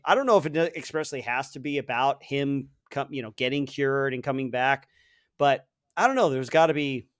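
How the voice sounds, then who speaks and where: A man's voice: medium pitch, no echo, studio quality. A man co-hosting a podcast, casually retelling a film plot with lots of fillers and restarts. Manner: rambling, animated retelling with filler words. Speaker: podcast co-host. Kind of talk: casual chat.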